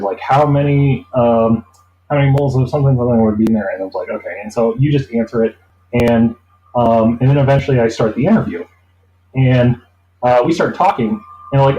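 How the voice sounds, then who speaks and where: A man telling a long anecdote in a relaxed interview, rambling and acting out the people he quotes. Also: medium pitch, lo-fi sound. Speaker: interview guest. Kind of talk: casual storytelling. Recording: roomy echo.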